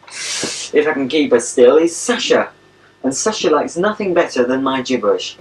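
A man's voice: mid-range voice, very animated, normal speed. A young English man chatting playfully to a pen pal on a home video, cooing at his dogs. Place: at home, indoors. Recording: old home video, distant mic, faint hiss.

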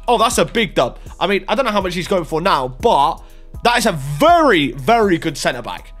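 A young man hosts a pack-opening gaming video with a lively, bouncing voice. He jumps from excited shouts to drawn-out groans. Faint music plays underneath. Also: sits high. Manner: excitable, swinging between hype and groans. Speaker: gaming YouTuber.

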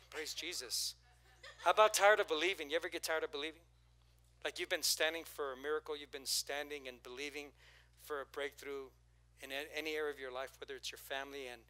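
Bright-voiced pastor preaching with swings in volume. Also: male voice, on the high side. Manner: animated, swings from hushed to shouting, playful. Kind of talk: sermon. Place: church.

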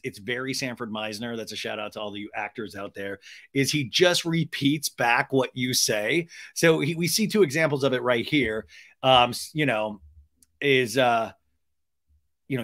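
A man's voice: medium pitch, moderate pace, fairly bright tone. A man hosting a podcast, recapping TV in a chatty, joking, profane way. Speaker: podcast host. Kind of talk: casual comedic TV recap.

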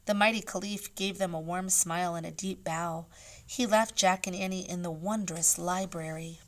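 There's a little hiss or hum as a woman teacher, her voice on the low side, reads a chapter book to her class at a moderate pace. Much of the narration is soft or whispered, and she turns animated to question the class.

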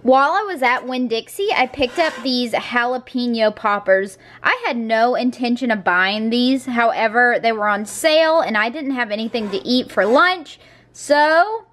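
Young woman, casual lifestyle vlogger, bright chatty delivery, slightly high voice. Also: a little hiss or hum. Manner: chatty, talks baby-talk to her dogs. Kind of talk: casual vlog narration.

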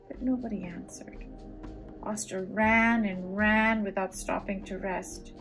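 A woman reading a children's storybook aloud, pausing for gentle asides to young listeners. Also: mid-range voice, fairly even intonation, creaky, soft background music. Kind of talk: children's read-aloud narration.

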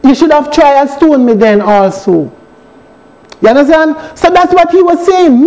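A man's voice: very high voice, normal speed, darkish tone, poor audio. A man with a Jamaican accent, an elder teaching a Bible study and driving his points home with emphatic repetition. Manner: emphatic, repeats phrases.

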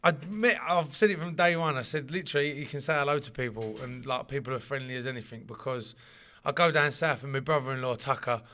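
A man's voice: mid-range voice, fast talker, few pauses, pushed and bright. A man, chatting in an interview, rambling and repeating words, laughing often. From London. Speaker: interviewee, rugby league player. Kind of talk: casual interview chat.

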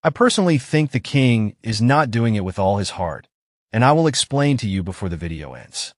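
Emphatic man, lively low voice. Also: brisk, no echo, clean studio sound. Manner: emphatic, lecturing. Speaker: online commentator. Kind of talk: opinionated news commentary.

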